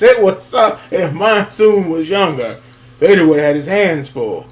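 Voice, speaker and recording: A man's voice: fairly high pitch, lively intonation, moderate pace. A man rambling casually to his viewers, with many fillers and chuckles. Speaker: wrestling fan vlogger. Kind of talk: casual nostalgic monologue.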